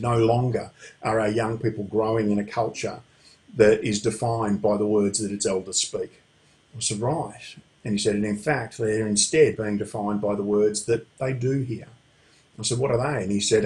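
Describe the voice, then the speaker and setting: A middle-aged man giving a conference talk, telling stories and chuckling at his own anecdotes. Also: lowish voice. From Australia. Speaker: conference speaker. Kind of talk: storytelling presentation.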